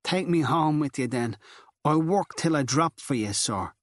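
A desperate young Dublin girl begs for help in a raised, higher voice, as a male narrator puts her on. She talks urgently and pleadingly, the words pressing and loud. The reading is dry and close. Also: normal speed, no echo, natural voice. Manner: urgent, begging.

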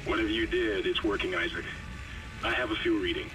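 An actor playing a male starship crewman who relays brisk, businesslike updates over the radio in a video game. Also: fairly low pitch, lightly acted, rough recording. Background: game music.

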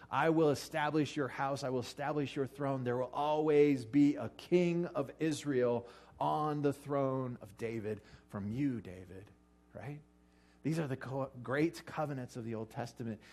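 A man preaching a casual, joking sermon, acting out quotes with sudden jumps in pitch. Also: darkish tone. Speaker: pastor. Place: church or hall with an audience eating lunch.

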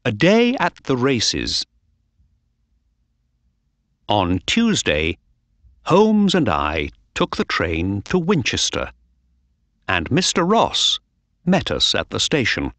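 A man reading a storybook aloud for learners, very slowly and clearly. His pitch moves widely and expressively, and the sound is close and dry. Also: no room sound. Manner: slow, clear, lively reading. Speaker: narrator. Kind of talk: slow storybook narration for learners.

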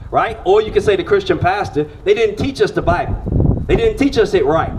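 A man with a strikingly high voice preaches outdoors, leaning hard on rhetorical questions and drawing answers back from his listeners. His delivery is emphatic and insistent. Faint street ambience hums behind him. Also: lively intonation, fairly quick, noisy background.

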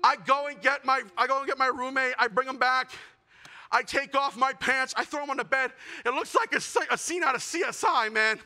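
A young man performing a self-mocking stand-up comedy set, building to shouted punchlines. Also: very high voice, fairly quick. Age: young adult.

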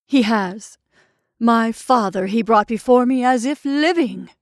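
A woman's voice: on the high side, measured pace, no echo, clean studio sound, natural voice. A woman doing a sly, drawling waiter. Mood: conspiratorial. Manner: drawling, conspiratorial, sometimes whispering. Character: sly, wheedling male inn waiter, secretive.

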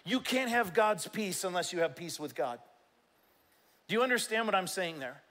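Man, pastor, sermon, higher-pitched voice, emphatic, church. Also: animated, moderate pace, fairly bright tone, poor audio. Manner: emphatic, calls out to the congregation.

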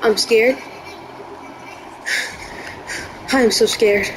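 A woman's voice: a little high, steady tone, very slow, fairly bright tone, slight background noise, poor audio. A woman giving live gameplay commentary, jumpy and easily spooked, yelping in panic. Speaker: gaming video creator.

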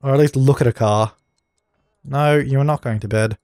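A man's voice: mid-range voice, normal speed, a little mellow, no echo, clean studio sound. A young man doing let's play commentary, bossy and exasperated as he scolds the characters on screen. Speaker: gaming channel host.

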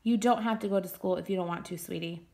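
A woman reading aloud and voicing a gentle, worried mother who asks her young son soft, caring questions. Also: lowish voice, quick pace, gravelly. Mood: concerned. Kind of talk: read-aloud storytelling.

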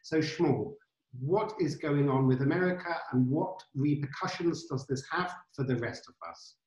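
Host with an echoey voice on a video call. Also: male voice, fairly high pitch, normal speed, a little mellow, muffled recording. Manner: friendly, with some stammered restarts. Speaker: interview host. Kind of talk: conversational interview over video call. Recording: roomy video call audio.

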